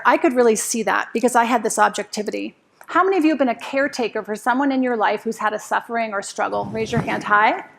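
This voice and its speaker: A woman speaking at a conference with a slightly higher voice, telling a personal story and asking the crowd questions. She acts out her own anxious inner voice as she goes. She sounds middle-aged. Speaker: speaker giving a talk. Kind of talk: conference talk to a live audience.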